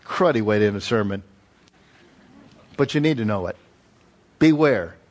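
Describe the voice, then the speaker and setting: A man preaching a sermon as pastor, telling stories with lively emphasis and repeated phrases. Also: lowish voice, moderate pace. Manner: animated storytelling with emphatic repetition.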